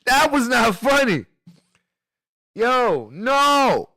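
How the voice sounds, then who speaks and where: A man's voice: high-pitched, animated, measured pace, fairly bright tone, dry recording. A man streaming live, reacting to news with loose, laughing slang banter aimed at his chat.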